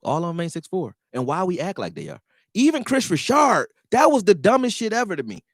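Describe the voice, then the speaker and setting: A man talking casually on a sports live stream, profane and animated, answering his chat. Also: high-pitched, a little fast, no room sound, clean studio sound.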